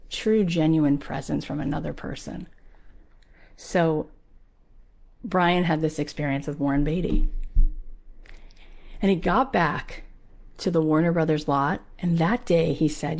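A woman podcast host telling a motivational story in an animated way, full of quoted exchanges. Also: deep voice, slow, creaky, pauses often. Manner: animated, acts out quoted voices.

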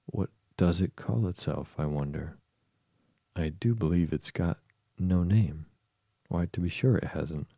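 A man's voice: low voice, measured pace, vocal fry, warm tone, no room sound, studio quality, exaggerated voice. A man voicing a curious, chattering young girl in a storybook reading, musing aloud with puzzled questions.

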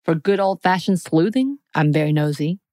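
Woman podcast cohost, teasing and playful, lowish voice, dry close sound. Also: animated, normal speed, dark tone, dry recording. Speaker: podcast co-host. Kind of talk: casual chat.

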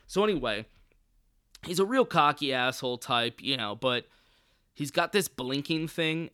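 A man runs through a film's plot in a loose, joking way, swearing freely and wandering into side remarks. His voice is bright and smooth. The sound is dry, with no room echo. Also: medium pitch. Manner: profane, joking, rambling asides. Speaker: movie reviewer. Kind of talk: casual film recap.

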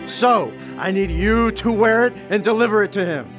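A brash young cartoon reporter, as a man acts him out, with a very high, yelling, bossy voice. He is self-absorbed and barks orders. Music plays clearly behind him. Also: normal speed, natural voice. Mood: excited. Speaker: field reporter. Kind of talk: cartoon voice acting.

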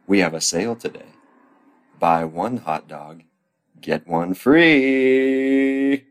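A man voicing a cheerful hot dog seller with crude, deadpan jokes. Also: sits low, a little slow.

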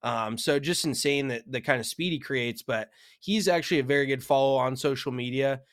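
A man's voice: mid-range voice, a little fast, dry recording, clean studio sound. A man co-hosting a golf podcast, talking frankly and casually, with some swearing and self-mockery. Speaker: podcast co-host.

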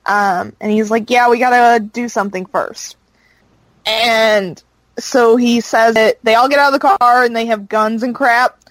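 A woman's voice: fairly high pitch, steady tone, measured pace, fairly bright tone, no echo, poor audio. A woman co-hosting a podcast, recapping a show in casual chat with lots of fillers. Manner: rambling recap with fillers, laughs easily.

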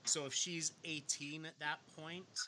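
A man's voice: a little high, fairly even intonation, a little slow, bright, forceful tone, slight background noise. A man co-hosting a podcast, explaining details in casual chat. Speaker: podcast co-host.

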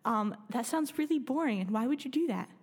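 Woman reading a content, homebody she-goat for a storybook, lifted pitch, reverberant room. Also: expressive, brisk, darkish tone. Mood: puzzled. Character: placid female goat who loves grazing.

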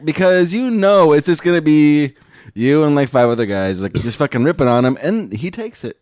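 Teasing man with a lively voice. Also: on the high side, normal speed, dry recording, clean studio sound. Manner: laughing, teasing, filler-heavy. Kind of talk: casual chat.

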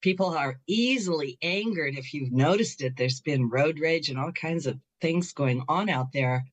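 A woman's voice: low voice, normal speed, slightly rough. A middle-aged woman hosting a talk show and Reiki practice, chatting in an upbeat way with frequent laughs and fillers. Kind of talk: casual chat.

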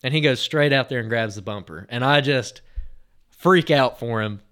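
At a normal speed and medium pitch, a podcast host relives a moment through an excited, rambling anecdote. He doubles back often, relies on fillers like "like" and "uh," and keeps things laid-back and conversational.

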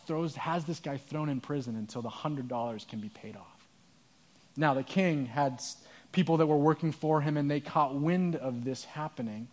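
A man's voice: fairly high pitch, normal speed, a little mellow. Earnest man preaching a sermon. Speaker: pastor.

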